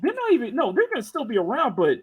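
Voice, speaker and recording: A man's voice: very high voice, huge pitch swings, fast talker, breathy edge, lo-fi sound. A man hosting a casual live stream chat, joking, laughing often and restarting his sentences. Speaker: host.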